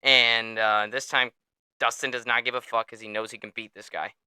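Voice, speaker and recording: A man hosting a casual sports podcast tells stories animatedly, swearing freely and laughing often. His mid-range voice is clear and resonant at a moderate pace, and the recording is dry.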